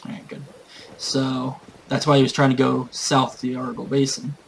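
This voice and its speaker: A man's voice: mid-range voice, monotone, normal speed, gravelly, a little hiss or hum, low-quality recording. Male gamer, casual rambling storyteller with lots of fillers and swearing. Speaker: gamer and tabletop game master. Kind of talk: casual storytelling while playing a game.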